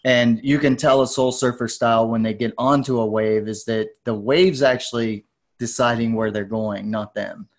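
A man in his forties, a podcast guest, telling stories in a loose, rambling way and jumping into lively voices when he quotes people. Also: mid-range voice, moderate pace. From United States. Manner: rambling, tangent-prone, animated when quoting others. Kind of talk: casual storytelling interview.

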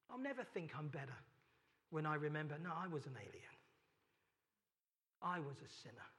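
A man's voice: sits high, a bit bright. A man with a London accent preaching a sermon, emphatic and repetitive, asking rhetorical questions. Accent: London English. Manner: emphatic, repeats key phrases, rhetorical questions. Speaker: pastor.

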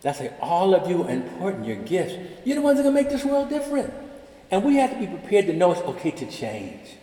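Lively older man speaking in an echoing chapel. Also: sits high, fast talker. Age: about 70. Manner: animated storyteller, acts out dialogue. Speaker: convocation speaker. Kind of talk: ceremonial address with personal stories. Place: large chapel. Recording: echoey chapel with long reverb.

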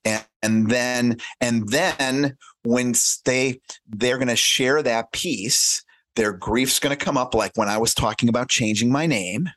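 A man's voice: medium pitch, a little slow, fairly bright tone, no echo. A man speaking as a podcast guest, giving earnest, conversational advice and acting out short exchanges to make his point. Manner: earnest, explains by acting out little dialogues.

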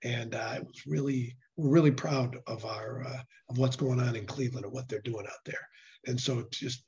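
A slightly hoarse man speaks earnestly and casually in an interview, often stopping to restart his phrasing. His voice has a dull, lo-fi quality. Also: mid-range voice, fairly even intonation, normal speed, a little mellow. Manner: earnest, with frequent restarts and fillers. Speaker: nonprofit executive director. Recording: dull lo-fi sound.

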